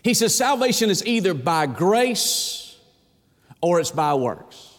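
A man with a high voice preaches a sermon with emphasis. He quotes scripture and throws rhetorical questions at his listeners. His words ring out with a long reverb in a big hall. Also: very animated, takes it slowly.

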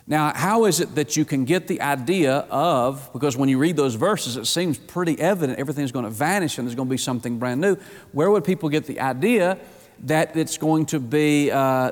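Preacher in a reverberant hall, call-and-response. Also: male voice, fairly high pitch. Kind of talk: sermon.

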